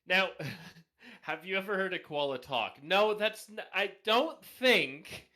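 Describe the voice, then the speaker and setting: A man's voice: high-pitched, animated, unhurried, sharp tone. A Canadian man with a Canadian accent, in a casual online podcast chat on a voice call, laughing and swearing freely. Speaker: podcast participant.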